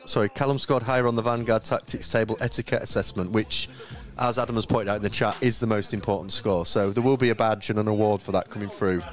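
A man's voice: on the low side, steady tone, fast, few pauses. A young man hosting a live tournament stream, joking around and laughing easily. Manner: jokey, self-deprecating, laughs easily. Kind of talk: casual live-stream commentary.

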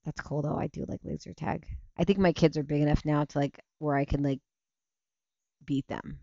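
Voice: medium pitch, fairly even intonation, moderate pace, gravelly, dark tone, dry recording, lo-fi sound. Tired, rambling parent hosting a stream. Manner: rambling, chatty, self-interrupting, laughs easily. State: tired, yawning. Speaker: livestream show host; parent of young kids. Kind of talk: casual livestream chat answering viewer comments.

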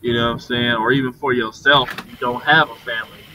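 A man giving casual, chatty commentary on a live gameplay stream, talking to his viewers as y'all and breaking into excited exclamations. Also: medium pitch, fast, distant mic, noisy background. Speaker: livestreamer. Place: inside his truck cab.

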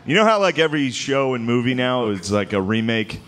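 A man's voice: medium pitch, sing-song, brisk, background noise. A man doing a live stand-up comedy set, talking loosely and crudely and chuckling at his own jokes.

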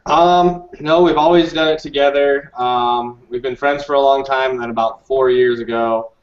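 Guest, male, mid-pitched, halting with fillers, far from the mic in an echoey room. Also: fairly even intonation. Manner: hesitant, many ums and uhs. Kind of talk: live-stream interview answers. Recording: roomy, distant, muffled call audio.

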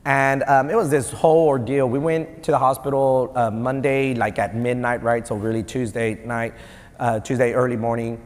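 Pastor preaching in a reverberant church. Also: male voice, mid-range voice. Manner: conversational, animated, quick asides and jokes. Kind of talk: sermon with personal stories. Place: church sanctuary. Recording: long hall reverb.

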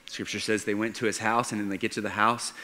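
A male pastor preaching a storytelling sermon, moving between hushed narration and excited emphasis. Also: fairly low pitch, fast. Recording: church hall reverb.

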